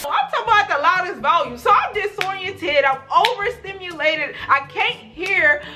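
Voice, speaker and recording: A young woman vlogger telling a story in a casual, animated way, with lots of slang and swearing. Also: very high-pitched, moderate pace, over music.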